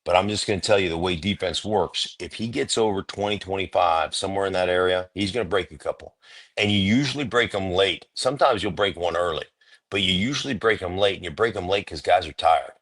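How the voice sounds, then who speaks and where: A man's voice: low-pitched, fairly quick, fairly bright tone. A middle-aged former football player as a guest, talking in an emphatic, opinionated way and acting out quoted conversations in his stories. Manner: emphatic, opinionated storyteller who acts out quotes. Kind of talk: casual interview talk.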